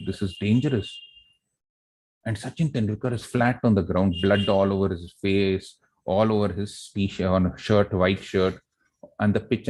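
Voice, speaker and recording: Lively Indian man telling a story. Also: sits low. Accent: Indian English. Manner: animated storyteller, asks the room for agreement. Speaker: professor giving a leadership talk. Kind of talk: storytelling lecture to students.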